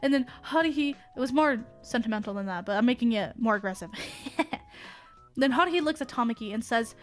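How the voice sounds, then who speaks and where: Young woman, streamer, rambling chat, casual swearing, frequent laughter, a bit high-pitched, soft music underneath. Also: expressive, fast talker. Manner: laughs often while talking. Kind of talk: casual chat retelling an anime plot.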